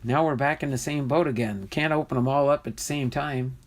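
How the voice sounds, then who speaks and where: A man's voice: mid-range voice, a little fast. A man casually hosting a live stream, chatty and easily amused as he reads viewer comments aloud. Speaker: livestream host opening trading card packs.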